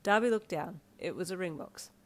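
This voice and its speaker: A woman narrating fan fiction aloud in an even storytelling manner. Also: on the low side, moderate pace. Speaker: reader.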